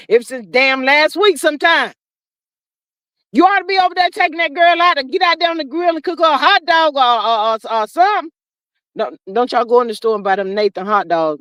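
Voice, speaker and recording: A woman with a mid-range voice hosts a casual livestream, reading chat comments aloud and riffing on them with sassy, animated commentary. She calls viewers "child" and "honey," and the recording is dry.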